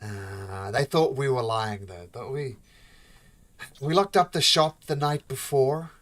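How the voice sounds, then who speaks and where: A game master voicing a brisk dwarf shopkeeper woman. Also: medium pitch, fairly bright tone. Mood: chatty. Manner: brisk, bossy, folksy. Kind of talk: tabletop role-play voice.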